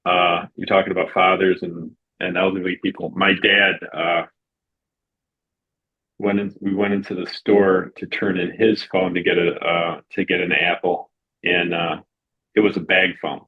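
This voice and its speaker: A man's voice: deep voice, level tone, measured pace. A man hosting an interview, asking questions and trading easygoing stories. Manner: easygoing, brief reactions. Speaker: podcast host. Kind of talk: casual interview chat. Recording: phone-like, thin audio.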